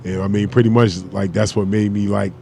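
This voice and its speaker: On a casual podcast, a guest in his forties who once played basketball spins animated stories full of slang and profanity. He speaks a little fast in a fairly low, gravelly voice, with some hiss or hum in the background.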